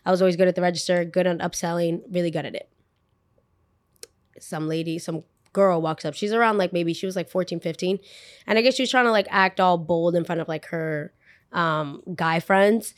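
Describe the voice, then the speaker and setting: A woman's voice: on the low side, brisk, no room sound, clean studio sound. Chatty young woman telling a story. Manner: animated, lots of "like", acts out quotes. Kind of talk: casual storytelling.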